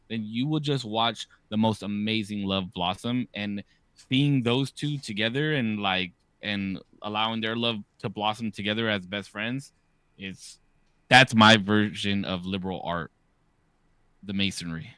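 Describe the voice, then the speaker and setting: A man in his thirties hosting a podcast, telling stories in a casual, profane, animated way. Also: on the low side, normal speed, clear, resonant tone, no echo. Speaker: podcast host. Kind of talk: casual chat.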